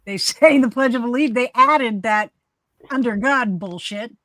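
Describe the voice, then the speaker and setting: A woman's voice: a little high, normal speed, fairly bright tone, dry recording. A woman hosting a casual live panel chat, blunt and outspoken, laughing often. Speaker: host.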